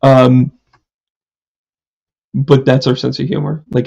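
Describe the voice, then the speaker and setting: A man's voice: medium pitch, monotone, slow, vocal fry, pauses often, darkish tone, dull audio. A man, a psychic medium, chatting casually on a live stream, rambling through a story with lots of fillers and self-mocking jokes.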